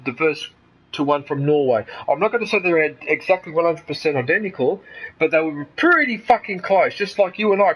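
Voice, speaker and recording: An Australian gaming streamer rants heatedly and swears freely while talking to his live chat in casual commentary. His voice sits on the high side, fairly bright and husky, and the audio quality is poor.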